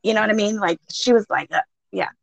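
A woman's voice: medium pitch, quick pace, creaky, dry recording. A woman in her thirties, a podcast co-host, telling a story in casual chat, full of swearing and laughter. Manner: profane, laughing, animated storyteller. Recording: dull, dry lo-fi sound.

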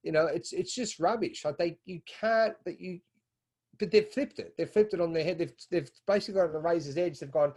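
A man's voice: fairly high pitch, brisk, darkish tone. A man with an Australian accent, talking animatedly in a casual podcast conversation, often repeating words as he builds his point. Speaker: podcast guest.

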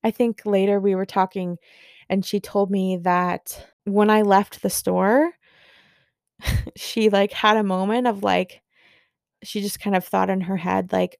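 A young woman hosting a podcast, telling a story in a gushing, excitable way with lots of fillers. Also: mid-range voice, a little slow, vocal fry, no room sound, clean studio sound. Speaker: podcast host. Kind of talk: casual storytelling monologue.

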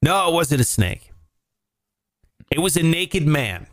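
Man, comedy show host, animated storyteller, fairly high voice. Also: slow pace. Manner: animated storyteller, swears freely. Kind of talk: casual comedic chat.

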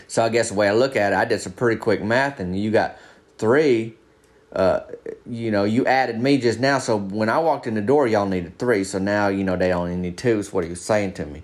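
A man's voice: fairly low pitch, fairly quick. A man telling a rambling comic story in a folksy, down-home way. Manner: folksy Southern drawl storytelling, slips into voices for friends. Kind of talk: first-person comedic monologue in character.

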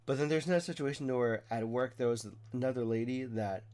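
A man's voice: medium pitch, quick pace, a little mellow. Earnest young man talking in rambling bursts. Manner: earnest, rambling, with frequent restarts. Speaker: podcast host. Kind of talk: casual monologue.

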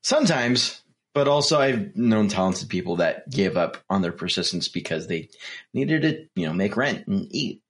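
A man's voice: on the low side, big pitch swings, normal speed. A man co-hosting a podcast, making dry, wry asides in casual chat. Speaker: podcast co-host.

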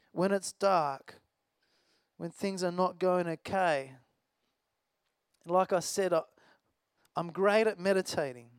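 A man's voice: high-pitched, smooth, no room sound. A man preaching a sermon in a conversational, storytelling way, with a self-deprecating personal anecdote.

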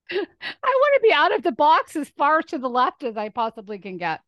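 A woman from the Northeast, a teacher chatting as an interview guest, lively and quick with frequent laughs. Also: high-pitched, dry recording, muffled recording. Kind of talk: casual interview chat.

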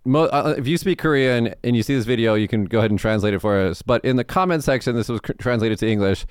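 A man's voice: medium pitch, quick pace, smooth, dry recording, clean studio sound. A man co-hosting a podcast in casual chat, blunt and rambling, swearing freely. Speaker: podcast co-host.

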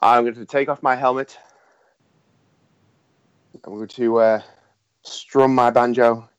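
A tabletop game player chatting casually with quick, playful in-character asides. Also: mid-range voice, fairly even intonation, slight background noise. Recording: dull lo-fi dry mic.

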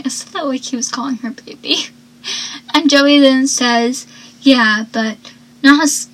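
A woman's voice: a little high, low-quality recording. A woman chatting casually as she recaps a TV show, rambling and acting out the characters' lines. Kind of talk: casual chat.

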